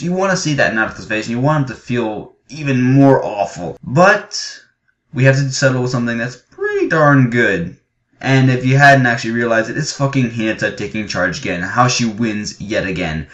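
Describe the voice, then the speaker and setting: Excitable, profane man reviewing anime. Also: mid-range voice. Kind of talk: casual enthusiastic review vlog. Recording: muffled echoey room recording.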